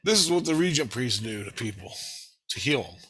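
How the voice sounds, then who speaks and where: A man telling a rambling, profane story in a casual monologue, laughing and animated as he retells it. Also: medium pitch, moderate pace, slightly rough.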